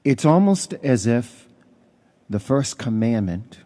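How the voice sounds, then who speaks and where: A man's voice: fairly low pitch, measured pace, mellow. A man, a parish priest, giving a conversational homily with stories and some fillers. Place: church.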